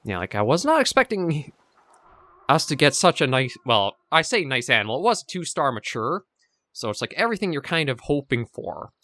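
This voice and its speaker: Lively-voiced man narrating a hunting game. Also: a little high, a little fast. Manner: relaxed, thinking aloud with fillers. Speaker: gaming channel host. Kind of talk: casual gameplay commentary.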